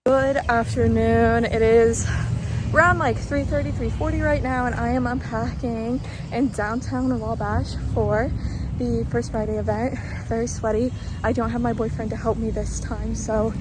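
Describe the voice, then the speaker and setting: A young woman, chatting excitedly and casually to camera, saying "like" a lot and swearing now and then. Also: fairly high pitch, normal speed, background noise. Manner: excitable, swearing, lots of likes. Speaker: candle maker vlogger. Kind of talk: casual vlog chat. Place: outdoors at a market booth.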